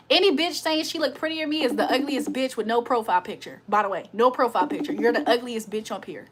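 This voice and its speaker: A woman's voice: on the high side, expressive, a little fast, over music. A woman hosting a casual livestream, talking to her viewers in a blunt, profane, confrontational way. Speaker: livestream host. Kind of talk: casual live chat to viewers.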